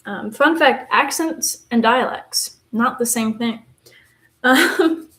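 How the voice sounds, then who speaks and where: A woman's voice: on the high side, takes it slowly, a bit bright. A woman in her twenties with a West Texan accent, chatting casually and rambling through asides while she colors on a live stream. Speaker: live streamer, university theater student.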